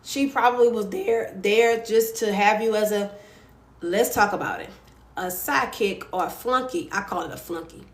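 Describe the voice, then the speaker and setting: A woman's voice: mid-range voice, expressive, normal speed, echoey room. A woman with a Louisiana accent hosting a livestream and giving advice in a blunt, sassy, profane way, often tagging on "right?". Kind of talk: casual livestream advice talk.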